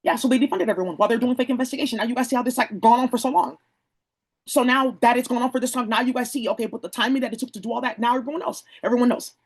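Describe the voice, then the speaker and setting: Bay Area speaker, husky voice, rushed rambling rant, slangy and profane, direct-to-camera monologue. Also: medium pitch, steady tone, poor audio. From San Francisco Bay Area.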